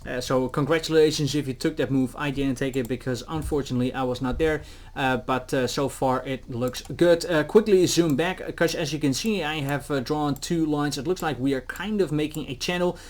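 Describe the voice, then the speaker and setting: A man giving casual crypto market commentary, animated, with many fillers and restarts, sometimes acting out officials. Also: a little high, normal speed.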